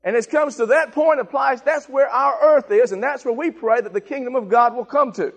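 A male pastor delivering a sermon, emphatic and repetitive, swelling into shouted calls for the congregation to repeat after him. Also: very high voice, brisk, gravelly. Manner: emphatic, rising to shouted call-and-response. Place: church sanctuary. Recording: long reverb of a church hall.

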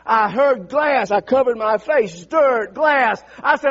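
A man's voice: very high-pitched, expressive, takes it slowly, few pauses, highs cut off. A middle-aged man preaching a sermon, calling the congregation to say lines back and telling a personal story with rising fervor. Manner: calls on congregation to repeat lines, builds to shouts. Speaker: pastor.

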